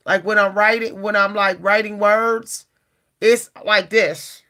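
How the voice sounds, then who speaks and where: Bright, animated woman venting to camera. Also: mid-range voice, slow pace. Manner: animated, exasperated, often repeats herself and addresses viewers directly. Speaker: vlogger. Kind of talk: casual talk to camera.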